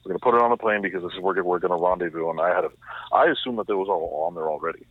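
A man's voice: deep voice, very fast, breathy edge, no echo. A man co-hosting a podcast, insistently explaining his reading of a film in casual chat. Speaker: podcast co-host. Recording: tinny phone-like line.

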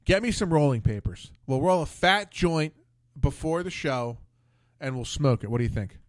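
A man's voice: fairly high pitch, animated, normal speed, no echo. A man hosting a casual talk show, telling rambling, profane stories with many restarts. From Philadelphia area. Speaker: podcast host. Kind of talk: casual chat.

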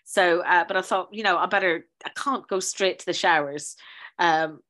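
A woman's voice: lowish voice, normal speed, a bit bright. A middle-aged woman, a teacher telling funny stories in a casual chat, acting out quoted voices. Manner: chatty storyteller, laughs often, acts out quoted voices. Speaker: guest teacher.

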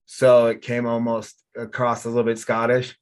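A middle-aged podcast host from North Dakota, USA, chats casually, telling stories and acting out the exchanges he describes. His medium-pitched voice comes at normal speed with a completely flat delivery.

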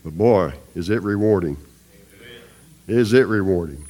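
A man's voice: low-pitched, expressive, slow pace, dark tone. A man giving a folksy testimony sermon as a chaplain, emphatic and repeating his points. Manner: folksy, emphatic preaching with repetitions.

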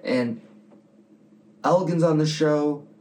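A young man chatting casually on a podcast, rambling and halting, often laughing. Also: fairly high pitch, a little mellow, far from the mic, a little hiss or hum. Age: young adult. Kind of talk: casual chat.

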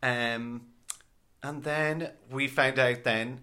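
A man hosts a podcast from his home, talking in an upbeat, chatty way and swearing casually. His voice sits at a middle pitch. He runs through the conversation with easy enthusiasm. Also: fairly even intonation, very slow, bright, forceful tone. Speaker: podcast host. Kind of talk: casual chat. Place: home, by a fire.

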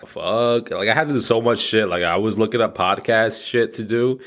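Casual podcast host around thirty, lowish male voice, loose and rambling, swears a lot, jokes at his own expense. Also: normal speed, a bit bright. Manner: rambling, profane, self-mocking, laughs at himself. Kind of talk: casual solo podcast monologue.

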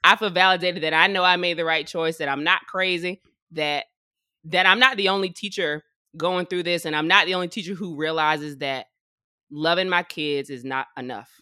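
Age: adult. Sex: woman. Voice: bright, forceful, a bit low. Role: podcast host. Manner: animated, profane, laughing. Mic: video call, dry sound. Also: normal speed, no room sound. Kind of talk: casual podcast chat.

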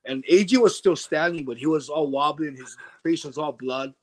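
A middle-aged man spins a story in a relaxed interview, slipping into other people's voices as he goes. His voice sits a little high. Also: normal speed. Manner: animated storyteller, acts out quoted voices. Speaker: interview guest.

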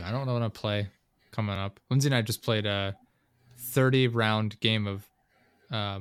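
A man's voice: lowish voice, smooth, dry recording, clean studio sound. Laid-back swearing young man. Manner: loose and profane, retelling scenes with quick impressions. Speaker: podcast host. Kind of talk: casual chat.

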